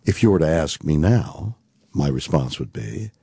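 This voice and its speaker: Deep, husky older man telling anecdotes. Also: sing-song, mellow, dry recording, studio quality. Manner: halting, anecdotal, with many fillers and restarts. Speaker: guest. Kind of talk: radio talk show storytelling.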